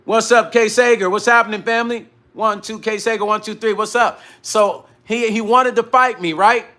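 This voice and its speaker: A man's voice: high-pitched, normal speed. A middle-aged man hosting his own live vlog, animatedly retelling an incident in casual talk with frequent swearing. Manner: animated retelling that acts out dialogue, with frequent profanity. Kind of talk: casual live-stream storytelling.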